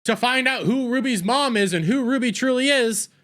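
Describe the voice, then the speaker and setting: A man hosting a TV review, ranting in exasperation and swinging between loud outbursts and low muttering. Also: moderate pace. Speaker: TV review host.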